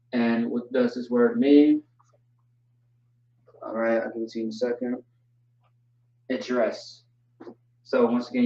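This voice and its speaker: A man with a medium-pitched voice teaches a language class online, relaxed and joking as he slowly spells out words. The mic sounds distant, roomy, and dull.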